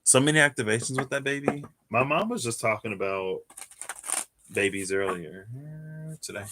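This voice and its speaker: A man's voice: medium pitch, expressive, normal speed, sharp tone, a little hiss or hum. A man doing a casual live tarot reading, chatty and given to laughing and wandering off into asides. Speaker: tarot reader.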